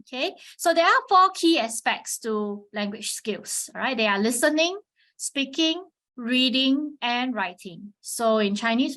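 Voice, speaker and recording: A woman with a slightly high voice gives an online class on teaching Chinese, her intonation lively and her pace measured. She explains patiently like a teacher, checks in frequently with "all right," and models Mandarin tones using sharp pitch swings.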